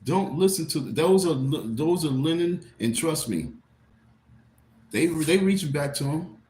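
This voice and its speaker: A man's voice: on the high side, expressive, measured pace, mellow. A man on a casual livestream, tired and irritated, rambling and repeating himself as he talks to his viewers. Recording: roomy with faint background noise.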